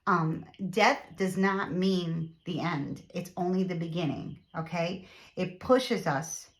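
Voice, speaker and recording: A woman's voice: lowish voice, slow pace. Chatty woman giving a tarot reading. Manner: chatty, repeats words, many fillers. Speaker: tarot reader. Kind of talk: casual tarot reading to camera.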